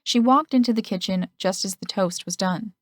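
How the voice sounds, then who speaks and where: A woman reading a first-person audiobook in a steady, intimate storytelling manner. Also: medium pitch, moderate pace, no echo, studio quality. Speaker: audiobook narrator.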